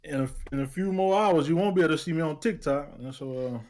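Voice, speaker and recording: A man's voice: on the high side, fast, darkish tone. A man who is a guest on a gaming podcast, laid-back and joking, laughing often. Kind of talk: casual chat.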